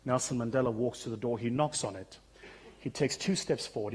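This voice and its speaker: A South African man giving a keynote speech on a conference stage, telling stories with humour in a relaxed, conversational way. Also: mid-range voice, fairly quick, breathy edge. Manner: humorous, conversational, vivid storytelling. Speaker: keynote speaker.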